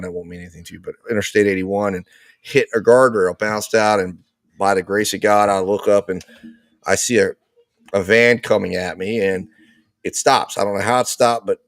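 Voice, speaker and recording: Gravelly, low-voiced male show host. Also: dry recording, studio quality. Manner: animated storyteller, acts out quotes loudly. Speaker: host of a live legal commentary show. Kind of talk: casual live commentary and storytelling.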